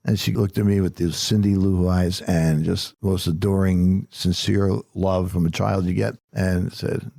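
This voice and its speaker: An older man with a low, gravelly voice tells stories in a folksy, emphatic way. He is a guest on an interview show, and the sound is dry and close with no room around it. His delivery stays casual and conversational. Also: level tone, a little slow, hardly any pauses, warm tone, no room sound. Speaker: political candidate, guest.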